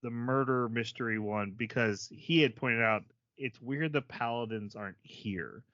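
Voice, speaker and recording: Bright-voiced man recapping a story. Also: medium pitch, normal speed, dry recording, lo-fi sound. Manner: summarizes plot at length with many fillers. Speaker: podcast co-host. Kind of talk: casual chat recapping an episode.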